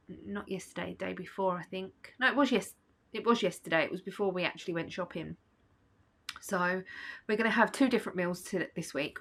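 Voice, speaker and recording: Woman, casual home vlog, bright tone, lowish voice, rambling and sleepy. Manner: chatty, rambling, with fillers and small laughs. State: sleepy, yawning. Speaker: vlogger. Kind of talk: casual chat to camera.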